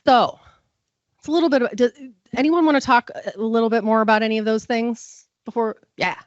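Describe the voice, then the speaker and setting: A woman's voice: on the high side, fairly even intonation, a little fast, no echo, muffled recording. A woman giving a live conference talk, chatty and self-deprecating, full of fillers. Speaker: conference presenter.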